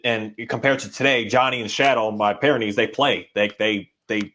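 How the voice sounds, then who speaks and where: A man hosting a casual conversation, speaking haltingly with many restarts as he thinks aloud. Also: on the low side, steady tone, sharp tone. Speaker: podcast host, dog owner.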